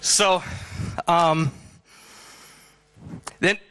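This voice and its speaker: Bright-voiced man telling a story on stage. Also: sits high. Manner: animated, acts out quotes, laughs often. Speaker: convention speaker. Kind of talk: storytelling talk. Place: auditorium stage.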